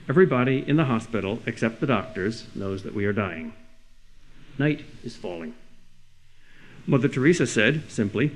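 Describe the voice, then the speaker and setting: A man's voice: fairly low pitch, a little hiss or hum, rough recording. A man delivering a sermon-like lecture, earnest and full of rhetorical questions with rising emphasis. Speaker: speaker.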